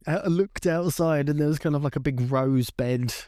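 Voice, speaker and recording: A man, co-hosting a podcast and telling a childhood story in an animated, chatty way. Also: unhurried, no echo, studio quality. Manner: animated, acts out voices with big pitch jumps. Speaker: podcast co-host. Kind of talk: casual storytelling chat.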